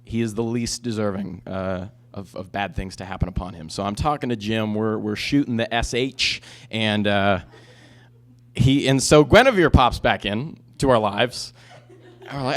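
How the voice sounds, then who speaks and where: A man's voice: mid-range voice, normal speed. A man in his twenties doing a stand-up comedy set, telling a rambling story with lots of restarts and asides. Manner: rambling, self-interrupting storytelling.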